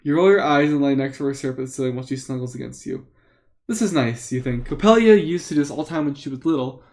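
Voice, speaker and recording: A man reading an interactive book aloud live for friends, playful with joking asides. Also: fairly high pitch.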